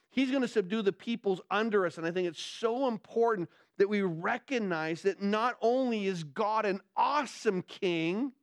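High-voiced excitable male pastor. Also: no room sound. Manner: excitable, gets loud when excited, many repeated restarts. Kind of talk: sermon.

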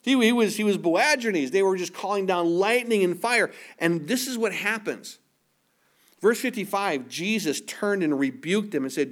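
A man preaching a sermon in a lively storytelling way, acting out the people in the story with sudden swings between loud and soft. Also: sits high, moderate pace.

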